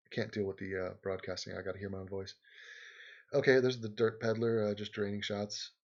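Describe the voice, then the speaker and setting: A man's voice: on the low side, little pitch movement, a little fast, lo-fi sound. A man hosting a livestream, rambling sarcastically in casual chat and game commentary, often laughing. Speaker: livestream host.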